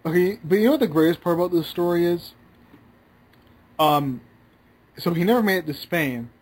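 Husky-voiced man in rambling chat. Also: high voice, moderate pace, poor audio. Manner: rambling, hesitant, with restarts. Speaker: podcast co-host. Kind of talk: casual chat.

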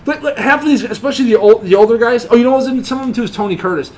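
A man's voice: very high-pitched, rapid-fire, darkish tone, slight background noise. A man chatting casually, telling rambling, profane stories full of laughter. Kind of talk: casual chat.

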